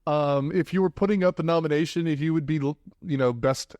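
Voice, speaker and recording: Man, podcast host, slightly higher voice, rambling and hesitant, dry close recording. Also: brisk, a little mellow, no echo. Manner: rambling, hesitant, often laughing. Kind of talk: casual movie podcast chat.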